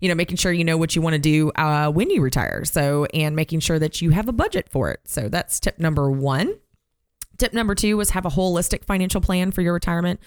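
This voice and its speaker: A woman co-hosting a casual financial talk show, recapping points in a brisk, conversational way. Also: deep voice, darkish tone, smooth. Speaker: co-host.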